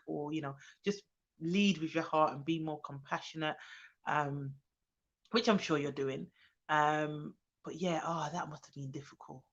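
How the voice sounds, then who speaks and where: A young woman with a bright, forward voice talks casually on her live stream, reading out comments and breaking into excited hellos. The sound is dull and lo-fi. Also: deep voice, a little slow. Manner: chatty, reads viewer comments aloud, bursts into excited greetings. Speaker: nanny hosting a live stream.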